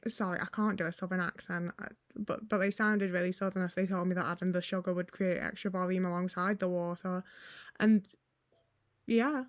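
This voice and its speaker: A woman's voice: fairly low pitch, steady tone, a little fast, recorded from a distance. A young woman chatting anxiously to the camera while cooking in her home kitchen, questioning herself and swearing often. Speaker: vlogger. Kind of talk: casual cooking vlog talk.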